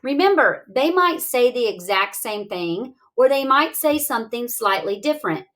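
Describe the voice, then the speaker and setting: Slow and coaxing, a woman teaching young children to read works through examples and asks them questions aloud. Her voice sits on the high side, a bit bright, with lively intonation.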